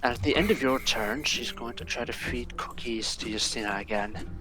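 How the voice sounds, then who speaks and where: A man running a tabletop game as dungeon master, giving calm, matter-of-fact rulings. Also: medium pitch, normal speed, music in the background, rough recording.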